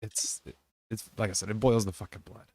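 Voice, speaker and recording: A man's voice: lowish voice, little pitch movement, fairly quick, darkish tone, no room sound. Heated, profane man ranting. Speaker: podcast host. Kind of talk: casual political chat.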